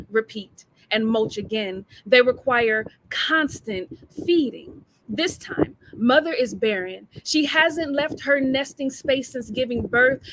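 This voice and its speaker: A woman's voice: fairly high pitch, fairly bright tone, poor audio. A middle-aged woman performing a spoken word poem with a rhythmic, emphatic delivery, then talking about it plainly.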